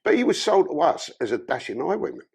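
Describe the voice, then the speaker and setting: A man's voice: on the high side, very animated, quick pace, vocal fry, darkish tone, breathy edge. A man from London with a London accent, a podcast guest telling his life story in blunt, profane, casual talk.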